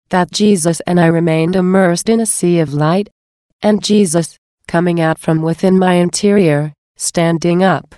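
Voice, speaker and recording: Calm, low-voiced woman reading reverently. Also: no echo, clean studio sound. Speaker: reader of devotional writings. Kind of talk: slow, reverent scripted reading.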